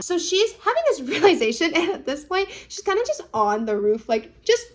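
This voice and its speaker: A young woman in her twenties recaps an episode in a loose, chatty vlog. Her voice sits high, and she tells the story with lively, expressive energy and drops in casual swears. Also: moderate pace, hardly any pauses. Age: 20s. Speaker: vlogger.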